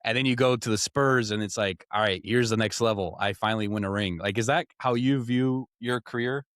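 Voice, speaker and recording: A man's voice: on the low side, fairly quick, fairly bright tone, no echo, studio quality. A man hosting a casual interview podcast, rambling through his questions with lots of "like". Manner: rambling, leans heavily on "like". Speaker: podcast host.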